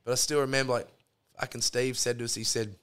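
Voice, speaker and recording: A man's voice: mid-range voice, level tone, fast talker, fairly bright tone, clear, resonant tone. A middle-aged Australian man, a podcast guest, telling rambling stories in a casual chat and swearing freely, with lots of restarts and asides. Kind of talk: casual storytelling yarn.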